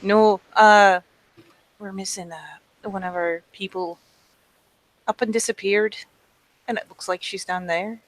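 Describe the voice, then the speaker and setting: A woman's voice: mid-range voice, steady tone, a little slow, long pauses, low-quality recording. A woman playing her character in a tabletop game, talking casually and folksily with plenty of filler words. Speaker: player. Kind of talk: in-character role-play.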